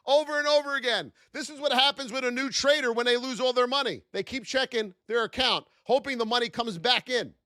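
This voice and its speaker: A man hosting a live-stream trading lesson, animated and full of rhetorical questions, shouting out his viewers. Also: extremely high pitch, fairly quick, hardly any pauses, no echo, studio quality.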